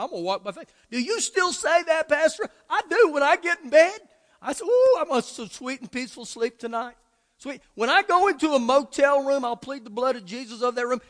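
A man's voice: very high voice, lively intonation, fairly quick, a bit bright. A male pastor preaching a sermon in a church, emphatic and conversational, acting out quoted prayers and questions from his listeners. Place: church sanctuary. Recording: long reverb of a church hall.

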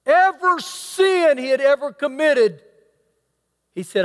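A man's voice: very high voice, lively intonation, slow pace, fairly bright tone. A man preaching a sermon, reading scripture aloud and adding emphatic asides. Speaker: pastor. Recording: long hall reverb.

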